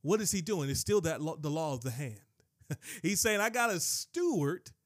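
Man, preacher, sermon, high voice, very lively pitch, emphatic asides, dry close sound. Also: moderate pace, no room sound. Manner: animated, emphatic, swings to shouting peaks; frequent asides to the congregation like "watch this".

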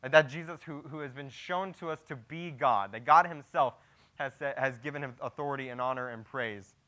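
A man's voice: mid-range voice, fairly quick, pushed and bright. A young man preaching a sermon, teaching through a Bible passage in a casual, conversational way that builds to emphatic declarations.

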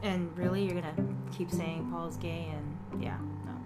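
A woman's voice: lowish voice, steady tone, normal speed, loud music behind the voice. A woman co-hosting a podcast, casually recapping an episode, chatty and often laughing. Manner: chatty, laughs often, does silly voices. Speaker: podcast co-host.

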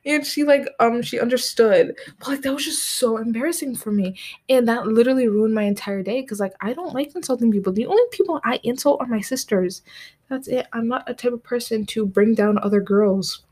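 A teenage girl from the United States in her late teens hosts her own solo podcast from her desk at home, rambling casually with lots of "like" fillers. Her voice is a little high, brisk, and darkish in tone.

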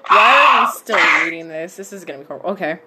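A woman's voice: on the low side, expressive, quick pace, heavy background noise. A woman co-hosting a comedy podcast, reading fanfiction aloud in a playful manner, laughing and swearing freely.

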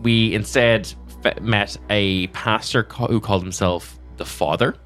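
A man's voice: on the low side, steady tone, a little slow, a bit bright, soft background music. A man recapping a tabletop game in casual chat, hesitant and full of fillers. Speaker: player.

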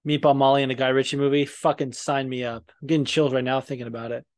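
A man's voice: mid-range voice, little pitch movement, fast talker. A man hosting a podcast in casual chat, rambling and profane, with lots of fillers and restarts. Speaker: podcast host.

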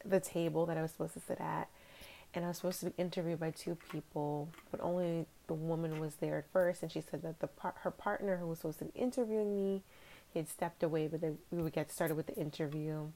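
A woman's voice: low-pitched, a little mellow. A woman telling a personal story in a casual vlog, chatty and full of fillers. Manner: chatty, heavy on fillers like "you know" and "like". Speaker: vlogger.

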